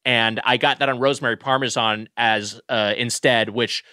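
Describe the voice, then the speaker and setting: Bright-voiced man reviewing food. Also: medium pitch, fairly even intonation, moderate pace, no room sound, clean studio sound. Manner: rambling, restarts often, emphatic. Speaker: podcast co-host. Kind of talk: casual comedic food review chat.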